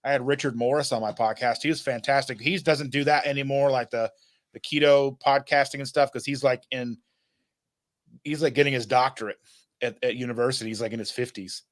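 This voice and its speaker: A podcast host chats casually in a medium-pitched, fairly even voice, talking a little fast. He rambles through his stories, often restarting sentences and leaning on fillers.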